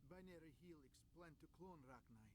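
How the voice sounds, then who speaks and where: A man's voice: a little high, animated, a little fast, lightly acted. A man playing a nervous scientist in broken English. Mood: urgent. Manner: broken English, urgent pleading. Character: nervous male lab scientist following orders. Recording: game audio with background noise.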